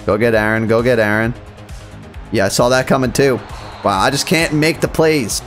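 A young man commentating his own video game match, muttering plays quietly and then yelling at the big moments. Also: mid-range voice, normal speed, soft background music. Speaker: gaming YouTuber. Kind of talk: live gameplay commentary.

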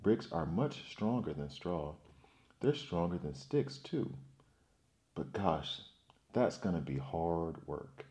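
A sensible, determined little sow pig talks through her plans, as a man puts her on in soft whispered role-play. The voice stays low, slow and mellow. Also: lively intonation, heavily acted. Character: determined practical female third little pig.

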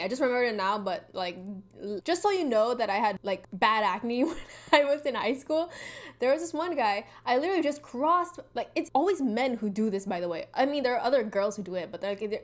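A woman's voice: fairly high pitch, lively intonation, fairly quick. A young woman with a Filipino accent, hosting a casual confessional podcast, chatty and self-mocking, laughing often. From Philippines. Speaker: podcast host.

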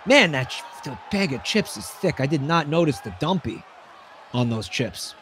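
A man doing excited play-by-play commentary on a wrestling match, rambling and swearing, bursting into yells. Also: on the high side, moderate pace, slight background noise.

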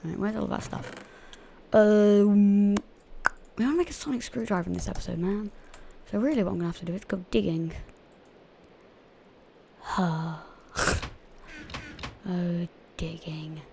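A woman's voice: mid-range voice, normal speed, vocal fry, long pauses, a little mellow, slight background noise. A woman hosting a gaming channel, giving casual, chatty gameplay commentary to her viewers and often giggling.

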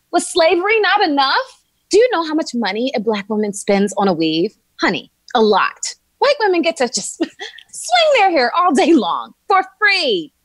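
A woman's voice: high-pitched, no echo, pitched above the performer's own voice. A woman performing a sassy, exasperated comic character in a monologue reading, with theatrical mock-outrage.

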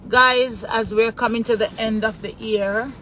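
A woman's voice: a little high, fairly even intonation, measured pace, sharp tone. A Jamaican woman chatting casually with her live-stream viewers while she drives, greeting them by name in patois-flavored speech. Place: inside a car in traffic. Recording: noisy car, road noise behind.

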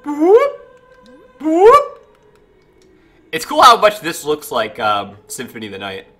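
A man's voice: medium pitch, wildly swooping pitch, fairly quick, pushed and bright. A man chatting casually while streaming a game, greeting viewers and reacting to it. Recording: game music playing behind. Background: faint game music.

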